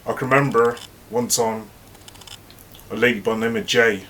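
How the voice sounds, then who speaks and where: A man's voice: medium pitch, steady tone, normal speed, sharp tone, a little hiss or hum. A man hosting his own channel, telling a story in a chatty, anecdotal way with emphatic asides. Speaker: host. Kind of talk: casual storytelling monologue.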